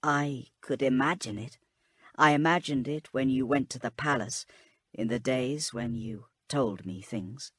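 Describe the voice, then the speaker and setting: A man voicing a husky, wistful old archivist woman. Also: very deep voice, unhurried, no echo, studio quality, full character voice. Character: scrawny old female tech-adept archivist.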